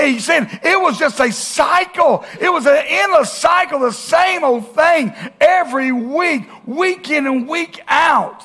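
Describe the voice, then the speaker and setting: A male pastor preaching a sermon, asking rhetorical questions and swinging between loud and hushed. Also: extremely high pitch, unhurried, hardly any pauses.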